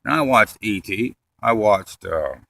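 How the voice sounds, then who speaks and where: Bright-voiced man doing a rambling stand-up set. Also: lowish voice, a little slow, creaky. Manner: rambling, deadpan delivery with frequent cursing. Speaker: stand-up comedian.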